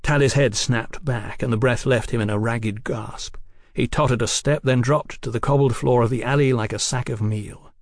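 A man with a medium-pitched voice narrates an audiobook at a moderate pace, telling the story expressively. It's scripted narration in studio quality with no echo.

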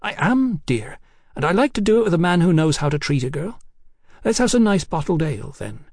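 A man's voice: on the high side, sing-song, brisk, a little mellow, dry recording, clean studio sound, pitched above the performer's own voice. A man voicing a tipsy, brash young working woman. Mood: chatty. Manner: slurring, brash, forthright. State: drunk.

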